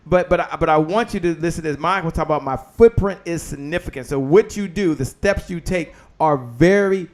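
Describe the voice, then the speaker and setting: A man hosting a live business show, giving an energetic motivational talk full of repeated words and exclamations. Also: on the high side. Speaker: host.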